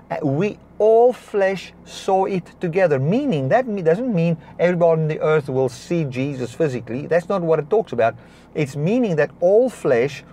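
A man preaching a sermon, stopping now and then to correct himself and clear his throat. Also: on the high side. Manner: preaching with swings between soft and raised passages. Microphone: device recording a broadcast, battery powered.

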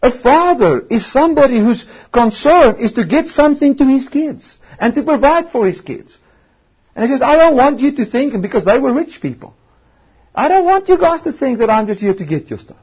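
Husky-voiced man preaching with lively emphasis. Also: very high-pitched, lo-fi sound. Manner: emphatic, drawn-out stresses, frequent restarts. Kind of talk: sermon.

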